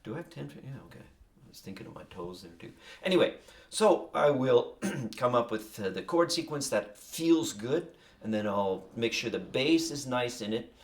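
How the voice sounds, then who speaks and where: A man's voice: medium pitch, animated, normal speed. A man walking through his songwriting process in a casual, rambling way, often breaking off mid-thought and musing aloud. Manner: rambling, self-interrupting, musing asides. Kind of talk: casual spoken walkthrough.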